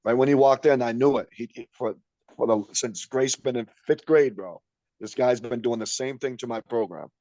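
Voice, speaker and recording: A man's voice: medium pitch, normal speed, no room sound, dull audio. A man who coaches youth basketball, talking casually on a podcast and telling a story with lots of fillers. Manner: animated storytelling, frequent fillers.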